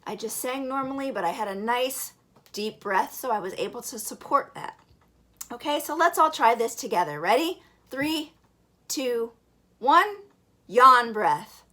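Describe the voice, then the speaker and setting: A woman's voice: fairly high pitch, expressive, unhurried. Cheerful woman teaching kids to breathe. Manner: bright, encouraging, demonstrates breaths and sings alphabet. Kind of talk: upbeat lesson for children.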